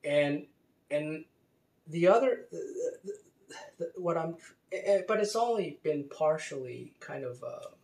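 A man's voice: a little high, lively intonation, a little slow, gravelly, darkish tone. A man giving casual spoken commentary, reading quotes aloud and rambling with many fillers and restarts. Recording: roomy echo.

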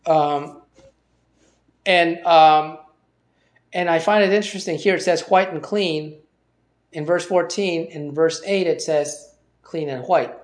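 A man's voice: fairly high pitch, slow pace, long pauses. A man teaching a Bible passage informally, thinking aloud with many fillers and restarts.

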